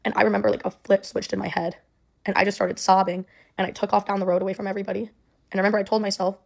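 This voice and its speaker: A woman's voice: medium pitch, little pitch movement, rapid-fire, vocal fry. A young woman telling a personal story in a rambling way, full of "like" and "um". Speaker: storyteller in a clip.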